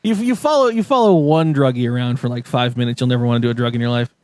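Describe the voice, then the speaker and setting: A man's voice: mid-range voice, quick pace, darkish tone, no room sound, clean studio sound. A man telling stories on a casual podcast, rambling with many fillers and restarts and laughing often. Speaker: podcast co-host.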